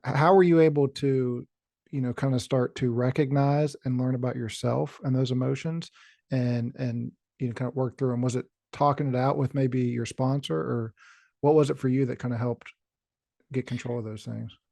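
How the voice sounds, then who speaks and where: Gravelly, mellow-voiced male host. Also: medium pitch, fairly even intonation, moderate pace, dry recording, studio quality. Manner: supportive, searching questions with many fillers. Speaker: podcast host. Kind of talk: interview questions.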